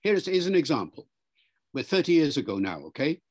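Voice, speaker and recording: A linguistics professor giving measured, explanatory interview answers, lively and teacherly, sometimes slipping into quoted voices. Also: male voice, fairly high pitch. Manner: lively storytelling, acts out quoted speakers; measured, lecturing delivery.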